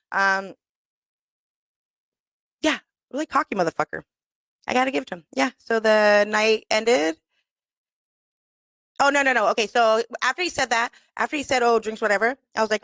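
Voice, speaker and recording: A woman's voice: medium pitch, normal speed, pauses often, no room sound. Brief: outspoken woman radio host, swears freely, dry studio sound, mid-range voice. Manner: blunt, profane and animated, acts out quoted voices. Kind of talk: candid storytelling monologue. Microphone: studio microphone.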